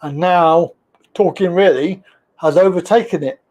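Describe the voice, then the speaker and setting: This is a man with a Birmingham accent chatting on his own live stream. His voice sits high, and he rambles casually from one subject to the next, teasing whoever comes on. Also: unhurried, darkish tone. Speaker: livestream host.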